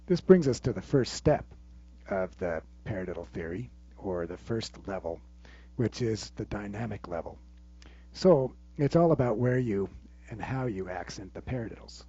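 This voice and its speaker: A man teaching a drum lesson, explaining step by step in a relaxed way and counting stickings aloud. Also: on the low side, slightly rough. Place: room with a drum kit. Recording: muffled sound with loud drums. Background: loud drumming between phrases.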